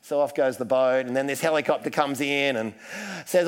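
A man's voice: medium pitch, steady tone, normal speed, smooth. A man preaching a casual, self-deprecating sermon full of asides. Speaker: pastor.

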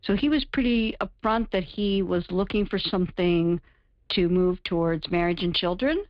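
A woman's voice: fairly low pitch, moderate pace, no echo. Woman podcast host, probing interviewer; dry, lo-fi sound. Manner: probing, asks clarifying questions. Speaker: podcast host and relationship counselor. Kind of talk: interviewing a guest. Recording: dry, dull lo-fi audio.

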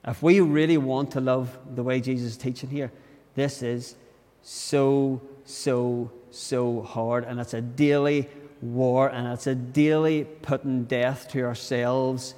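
A man's voice: mid-range voice, steady tone, slow pace, mellow, big-room sound. A man preaching a sermon in a church, talking earnestly and conversationally, often restarting his sentences. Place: church during a service.

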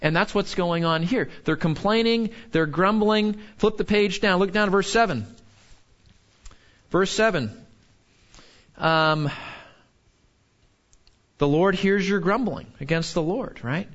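Animated high-voiced male preacher. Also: slow pace, long pauses. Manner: animated, full of rhetorical questions, acts out quotes. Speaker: pastor. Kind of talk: sermon. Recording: dull lo-fi sound.

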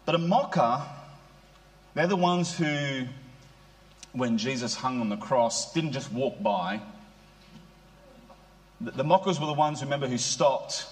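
A man's voice: medium pitch, expressive, unhurried, pauses often. A middle-aged man preaching a sermon in a conversational way, often putting rhetorical questions to his listeners.

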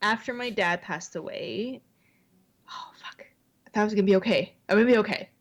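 A woman's voice: medium pitch, quick pace. Female co-host, casual chat, earnest and candid delivery. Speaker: podcast co-host.

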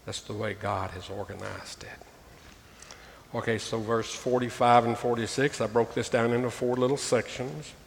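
A male pastor delivers a sermon, reading scripture with emphatic swells and calling out to his "folks." His mid-pitched voice rings with a long hall reverb over faint ambient noise. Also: steady tone, moderate pace, vocal fry. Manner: preaching, reading scripture aloud with emphatic rises; addresses listeners as "folks".

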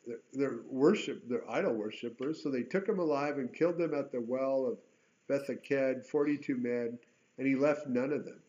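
A man's voice: mid-range voice, normal speed, a little mellow. A man teaching through Bible passages verse by verse, reading aloud and breaking off into casual, conversational asides. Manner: conversational, with chatty asides between read verses. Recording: dull lo-fi recording.

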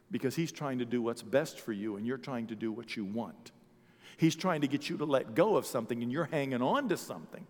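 Male pastor preaching in an echoey hall. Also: medium pitch. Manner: swings from quiet to loud, emphatic preaching. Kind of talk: sermon.

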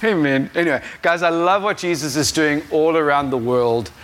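Rambling South African preacher, slightly high. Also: male voice, moderate pace, noisy background. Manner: rambling, self-deprecating, laughs often. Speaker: guest preacher. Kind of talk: informal sermon.

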